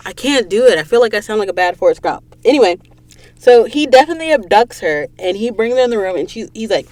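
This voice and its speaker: A woman from Georgia hosting a podcast, retelling a novel's plot in an animated, gushing way with quick asides to listeners. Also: lowish voice, no room sound. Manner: animated, gushing storyteller, slips into whispers and asides. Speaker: podcast host. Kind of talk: casual book recap. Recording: dry close recording booth.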